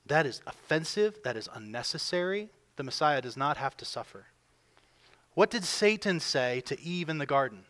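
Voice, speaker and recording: A male pastor delivers a sermon with a voice sitting a bit above the usual for men. He leans hard into his points, then falls back to a hushed tone before rising again. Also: a little high, animated, moderate pace. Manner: emphatic preaching, voices quoted figures with rising force.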